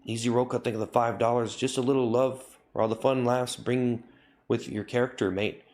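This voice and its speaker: A man's voice: medium pitch, steady tone, a little fast, darkish tone. A man streaming live, reading chat and scolding his viewers in a mock-stern, repetitive way. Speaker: livestreamer.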